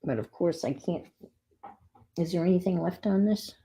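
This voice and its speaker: A woman's voice: on the low side, normal speed, mellow, slight background noise. A middle-aged woman chatting casually as she crafts on a stream, telling rambling stories. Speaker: crafting vlogger.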